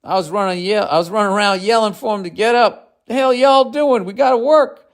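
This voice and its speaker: A man's voice: high-pitched, fast talker, smooth, pitched above the performer's own voice. A man voicing a Southern male carpenter with an American Southern accent, telling a work story in a folksy, exasperated way.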